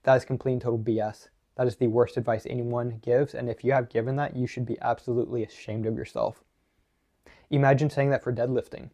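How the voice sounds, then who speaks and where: A man's voice: medium pitch, flat delivery, brisk, mellow. A man from the southern United States coaching runners in an instructional talk to camera, blunt and emphatic, asking questions and answering them himself. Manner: blunt and emphatic, with strong opinions. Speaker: running mobility coach.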